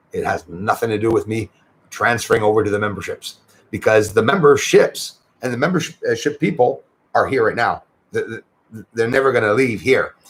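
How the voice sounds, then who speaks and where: Hosting a relaxed livestream, a man from Canada greets viewers by name and chats with them, frequently dropping an "eh." His voice is lowish and husky.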